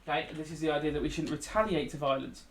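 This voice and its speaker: A man gives a relaxed revision lesson as he plays a game, sounding a little tired and yawning at times. His voice sits a touch high, and he keeps checking in with "okay?" while keys clack behind him. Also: quick pace. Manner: chatty, frequent "okay?" check-ins, talks while typing. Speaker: teacher.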